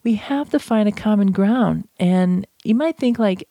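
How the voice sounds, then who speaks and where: A communication trainer giving a chatty, animated teaching talk with self-deprecating asides. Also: mid-range voice, unhurried, dry recording, clean studio sound. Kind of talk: podcast-style teaching talk.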